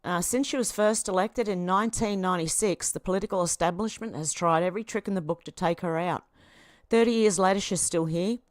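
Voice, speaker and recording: Australian woman, livestream host, rambling and chatty, lowish voice, dry close sound. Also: fairly quick, dry recording. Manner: rambling, chatty, laughs often. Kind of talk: casual commentary.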